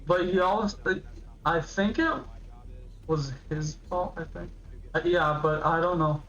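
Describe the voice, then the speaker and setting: A man's voice: a little high, unhurried, fairly bright tone, highs cut off. A man in his late teens chatting casually and musing aloud while reacting to a video on a livestream. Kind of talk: casual rambling chat.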